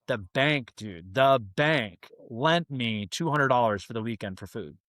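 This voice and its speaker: A young man telling a story in a casual, animated way, full of slang like "man" and "dude". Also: fairly low pitch, normal speed, hardly any pauses, dry recording, clean studio sound. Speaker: guest.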